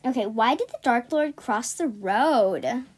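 Young woman w a high voice reading jokes on a podcast, giggles a lot, explains every punchline. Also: animated, a little slow, husky. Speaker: podcast co-host. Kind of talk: casual joke-reading podcast.

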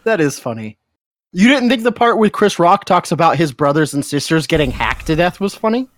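A man's voice: a little high, big pitch swings, brisk, fairly bright tone, no room sound, studio quality. A man co-hosting a casual podcast, reviewing a movie with wry, sarcastic asides and frequent laughs. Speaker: podcast co-host.

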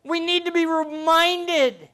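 A man preaching a sermon as pastor, earnest and slowing down to stress quoted verses, often asking the listeners rhetorical questions. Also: extremely high pitch, fairly even intonation, pushed and bright. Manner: asks the congregation rhetorical questions.

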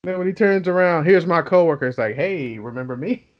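A young man in his twenties telling a profane, animated story in casual chat, laughing as he goes. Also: on the high side, fairly quick. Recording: dull lo-fi sound.

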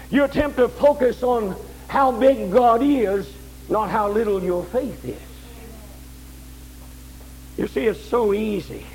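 High-voiced older man preaching a sermon. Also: darkish tone, slight background noise, low-quality recording. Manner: folksy, repeats phrases, asks "all right?".

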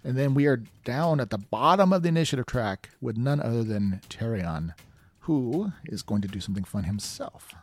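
A man's voice: medium pitch, animated, moderate pace. A man narrating a tabletop game as game master, reacting openly to the dice rolls.

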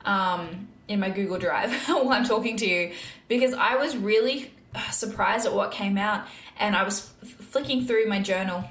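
Young woman, faith podcast host, candid and earnest, medium pitch, echoey room. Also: a bit bright. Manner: earnest, candid, laughs often; acts out her own past thoughts in quoted asides. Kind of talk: faith-based podcast monologue.

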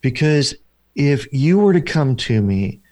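A man's voice: mid-range voice, sing-song, unhurried, darkish tone, no echo. A man, a deliverance minister and counselor, telling stories in an interview in an earnest, repetitive preaching cadence. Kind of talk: interview storytelling.

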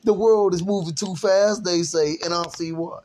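A man's voice: sits high, fairly even intonation, normal speed, a little mellow. A young man hosting a casual podcast, teasing and laughing often while swearing freely. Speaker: podcast host. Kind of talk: casual profane podcast chat.

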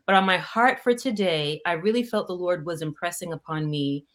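A woman hosting a livestream devotional, animated, greeting viewers by name and laughing often, a Haitian Creole speaker. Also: on the low side, moderate pace. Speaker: prayer livestream host.

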